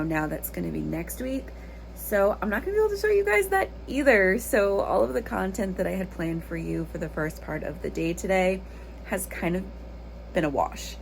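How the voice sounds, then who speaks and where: Chatty woman with a gravelly voice. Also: fairly low pitch, a little hiss or hum, low-quality recording. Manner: chatty, rambling, talks straight to viewers. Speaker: lifestyle vlogger and mother. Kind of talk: casual vlog chat to camera.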